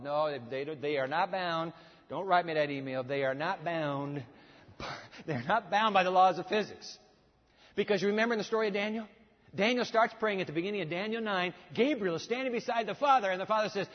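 A man preaching a sermon in a large church, lively and directing the congregation as he teaches. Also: fairly high pitch, a little fast, long pauses. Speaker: pastor. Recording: long reverb, dull sound.

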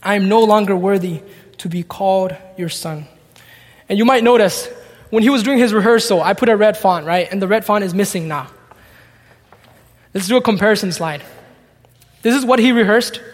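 A man's voice: high voice, normal speed, long pauses, big-room sound. A man preaching a sermon, reading scripture aloud and acting out its dialogue. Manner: expository, reads scripture and acts out the dialogue.

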